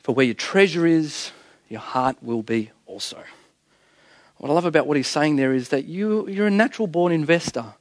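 A man's voice: a little high, animated, moderate pace, no echo, studio quality. A man with an Australian accent preaching a sermon as pastor, telling stories with humor, chuckling at his own jokes and firing off rhetorical questions.

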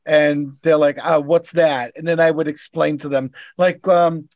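A man with a Boston accent, co-hosting a podcast and telling animated stories in casual chat. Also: fairly high pitch, a little slow, no room sound. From Boston, USA. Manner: animated storyteller, acts out callers. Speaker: podcast co-host.

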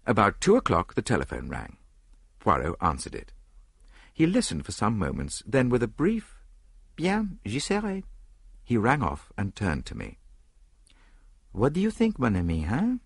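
A man reading a story aloud in a measured first-person narration. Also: lowish voice, vocal fry, slightly rough, no room sound, clean studio sound. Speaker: audiobook narrator. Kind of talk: scripted narration.

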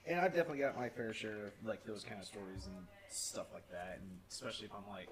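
A man's voice: lowish voice, lively intonation, quick pace. A young man co-hosting a casual podcast, telling a long story with many restarts and frequent laughter. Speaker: podcast co-host. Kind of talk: casual chat.

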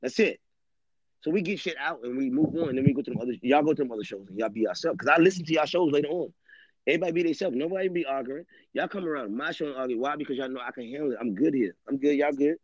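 A man's voice: medium pitch, racing, no room sound. A man hosting a live stream, rambling casually in street slang and swearing often. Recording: dull lo-fi dry audio.

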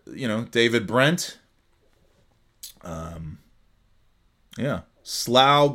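A man's voice: fairly low pitch, fairly bright tone. A man hosting a solo podcast from home, chatting casually in a rambling, jokey, self-mocking way. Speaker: podcast host.

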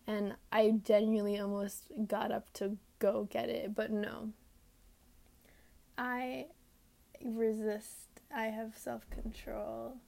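A woman's voice: mid-range voice, gravelly, mellow. A young woman hosting her own podcast alone, rambling casually and mocking herself with lots of fillers. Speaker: podcast host. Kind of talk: casual solo podcast chat. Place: her room.

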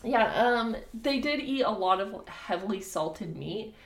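A woman's voice: mid-range voice, lively intonation, a little slow, slight background noise. A young woman co-hosting a podcast, telling a history story in casual chat, laughing often and swearing freely. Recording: echoey room.

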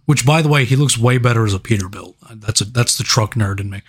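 A man's voice: lowish voice, fast, husky. Profane laughing man reviewing movies. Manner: laughing, profane, animated storytelling. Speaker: podcast co-host. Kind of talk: casual movie review chat.

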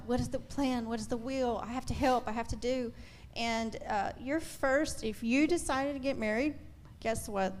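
A woman's voice: a little high, darkish tone, slight background noise. A middle-aged woman on a faith-based talk show, speaking earnestly and encouragingly to mothers, with frequent small restarts.

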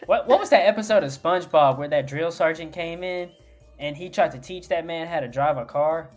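A man's voice: a little high, fairly quick, soft background music. A man guesting on a podcast, chatting casually in a playful, story-telling way. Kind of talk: casual chat.

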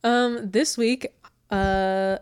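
A woman's voice: medium pitch, fairly even intonation, very slow, smooth. An American woman hosting a casual true crime podcast, chatting with many fillers and laughing often. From United States. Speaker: podcast host.

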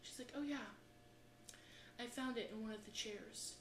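Bright-voiced, foul-mouthed woman storyteller. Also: fairly high pitch, normal speed. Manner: animated, swears constantly, acts out voices. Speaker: podcast co-host. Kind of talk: profane comedic storytelling. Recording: roomy echo with faint background hiss.

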